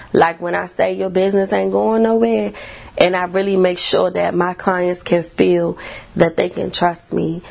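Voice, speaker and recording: Gravelly-voiced woman telling a blunt story. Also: fairly low pitch. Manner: blunt, profane, animated storytelling. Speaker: therapist and podcast host. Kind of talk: storytelling monologue.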